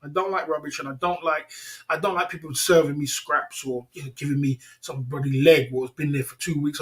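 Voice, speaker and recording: A man hosts a casual livestream and rants through a story in a loud, animated way. His voice sits a little high for a man. He repeats himself, laughs often and keeps calling his listeners bro and man. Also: brisk. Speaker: livestream host.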